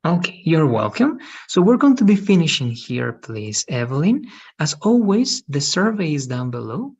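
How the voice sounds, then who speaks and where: A man teaching English in an online lesson. His voice is gravelly and somewhat husky, and the call audio sounds muffled. He explains patiently, tagging his points with "okay?" and "right?". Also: a little high, sing-song, moderate pace, a little mellow.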